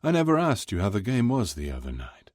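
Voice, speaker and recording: A man's voice: on the low side, wildly swooping pitch, brisk, a little mellow, no echo, studio quality, voice pushed up. Give me a fond middle-aged father who teases his son in a sing-song voice, as a man puts him on. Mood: fond teasing.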